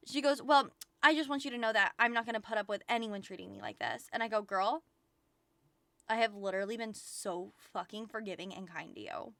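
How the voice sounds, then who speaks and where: A woman's voice: fairly high pitch, bright, forceful tone, no room sound. A young woman streaming from home, venting and rambling with lots of profanity in casual chat.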